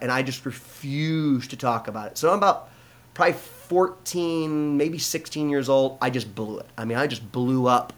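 A man's voice: mid-range voice, moderate pace, fairly bright tone. Earnest middle-aged American man telling his story. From United States. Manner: earnest storytelling with frequent restarts and fillers. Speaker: pastor. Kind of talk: conversational testimony in an interview.

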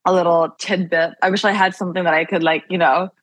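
A woman podcast host chatting over a video call, bubbly and talkative, laughing often and rushing into quick bursts. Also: on the low side, steady tone, no room sound. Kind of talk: casual interview chat.

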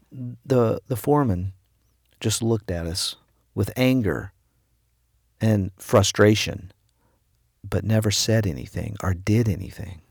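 A man's voice: lowish voice, darkish tone, no room sound, studio quality. A middle-aged man preaching a devotional sermon, telling a personal story and quoting the people in it. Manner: storytelling, quotes people in his own raised voice. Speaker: pastor.

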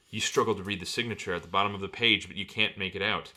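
A man in his thirties narrating a choose-your-own-adventure book on a podcast, breaking off for quick asides. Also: on the low side, big pitch swings, bright, forceful tone, slightly rough. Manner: reads lines aloud with quick asides and laughs. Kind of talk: casual podcast reading with banter.

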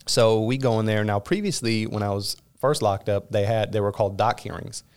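30s guy from california, low voice, rattles off his story fast, lots of "you know"s. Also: darkish tone, clean tone. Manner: rapid, frequent "you know" fillers and restarts. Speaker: guest. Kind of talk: candid interview storytelling.

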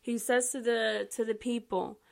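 This podcast host is a young woman whose voice sits on the high side, gravelly and unhurried. Reading Scripture aloud, she breaks in with casual, emphatic commentary, animated and chatty as she speaks straight to her audience.

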